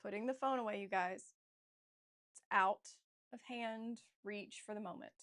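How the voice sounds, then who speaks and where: A woman's voice: medium pitch, normal speed, fairly bright tone. A woman author chatting casually to viewers on a livestream, rambling with many fillers and restarts and often addressing them as "you guys.". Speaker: author livestreaming a writing session.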